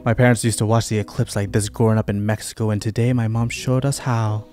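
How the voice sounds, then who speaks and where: A man's voice: fairly low pitch, fairly even intonation, fast talker, a little mellow, faint music behind. A man co-hosting a reaction video, joking and bantering casually with his friend.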